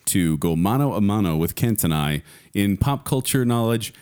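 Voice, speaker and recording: A man's voice: on the low side, lively intonation, moderate pace, darkish tone, clear, resonant tone. A man co-hosting a podcast, chatting casually and laughing often. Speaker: podcast co-host. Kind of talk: casual chat.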